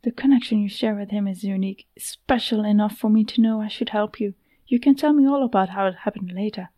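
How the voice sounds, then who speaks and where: A woman's voice: medium pitch, brisk, dark tone, dry recording, natural voice. A woman doing a pushy, teasing young woman. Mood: urgent. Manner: chatty, talks over others, teasing.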